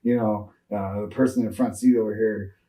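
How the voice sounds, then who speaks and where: Older man telling road stories, low voice. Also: steady tone, fairly quick, mellow, distant mic, poor audio. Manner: rambling, many fillers and restarts. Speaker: retired pro wrestler, interview guest. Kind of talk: shoot interview, rambling storytelling.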